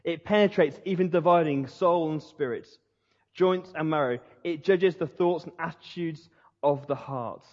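A man's voice: fairly high pitch, moderate pace. A man preaching as a Baptist pastor, earnest and conversational. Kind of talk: sermon. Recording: dull lo-fi sound in a reverberant hall.

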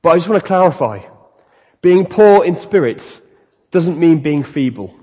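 Brief: male preacher, slightly high, husky voice, echoing hall with dull sound. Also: moderate pace. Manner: animated, acts out quoted voices. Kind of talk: sermon. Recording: dull, long-reverb hall.

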